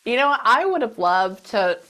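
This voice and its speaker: A woman's voice: fairly high pitch, sing-song, moderate pace, bright, forceful tone. A middle-aged woman giving a psychic reading, chatting away and acting out the messages she passes on. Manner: chatty, relays messages with quoted voices.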